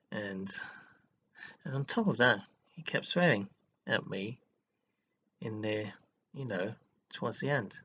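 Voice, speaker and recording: A man's voice: on the low side, a bit bright, husky, lo-fi sound. A man, a teacher, talking emotionally to his webcam about a student who upset him, rambling and saying "you know" often, close to tears. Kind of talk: emotional personal vlog. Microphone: webcam mic.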